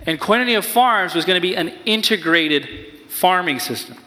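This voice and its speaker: A man preaching a sermon as pastor, energetic and playful, sometimes acting out excited voices. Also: sits high, normal speed, long reverb tail.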